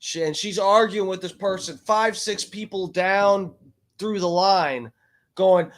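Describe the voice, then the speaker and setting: A man's voice: sits high, slow pace. A man hosting a livestream, chatting casually and telling a story in a rambling, profane way with lots of fillers and restarts. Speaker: livestream host. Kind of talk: casual stream chat, storytelling.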